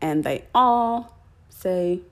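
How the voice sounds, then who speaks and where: Young woman, lowish voice, rambling chatty storytelling w lots of "you know". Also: expressive, extremely slow. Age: young adult. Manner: chatty, many fillers and restarts. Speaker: podcast host. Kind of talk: personal storytelling to listeners.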